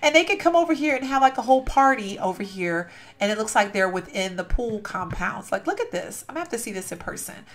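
A woman's voice: mid-range voice, very animated, fast. A young woman hosting a game channel, gushing over a build while telling a rambling story and getting sidetracked. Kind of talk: casual gameplay commentary and storytelling.

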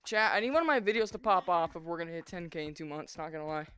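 A woman livestreaming a game, excitable and quick to laugh as she calls out to other players and her chat. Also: fairly low pitch, clean tone. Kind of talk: live gaming stream chatter.

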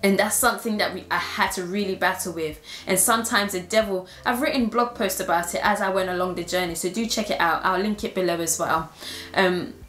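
A woman's voice: mid-range voice, brisk, fairly bright tone, reverberant. A woman and Christian influencer sharing a personal testimony in an earnest, heartfelt way.

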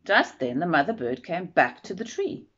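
A woman reading a children's storybook aloud in an expressive, measured way. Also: fairly low pitch, slight background noise. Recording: dull lo-fi recording.

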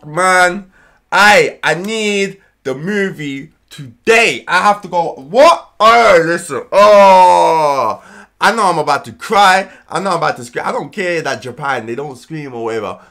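A man from London with a London accent, reacting casually to a trailer as host and bursting into whoops and shouts. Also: a little high, lively intonation, normal speed. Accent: London English. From London, England. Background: trailer music playing faintly.

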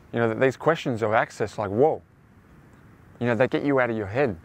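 A young man hosts a motivational self-help talk, speaking at normal speed with a medium-pitched voice. He rambles and repeats himself, addressing his listeners as his friends.

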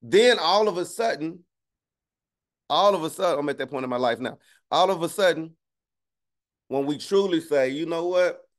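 A man's voice: a little high, expressive, normal speed, pauses often. Man, preacher, casual sermon, conversational, slangy, joking asides. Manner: conversational, keeps asking "right?".

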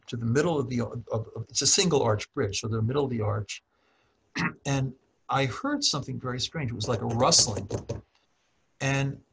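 A middle-aged man, a professor, calmly telling a personal story in a talk, often clearing his throat and restarting his sentences. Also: medium pitch, slight background noise, rough recording. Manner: calm, reflective, frequent throat clearing and restarts. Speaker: professor and author.

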